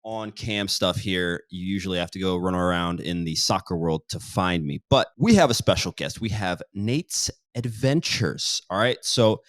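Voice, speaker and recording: A man from the United States, hosting a casual interview in an easygoing, deliberate way. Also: low-pitched, expressive, fairly bright tone, dry recording, studio quality. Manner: easygoing, deliberate host with fillers. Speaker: channel host, interviewer.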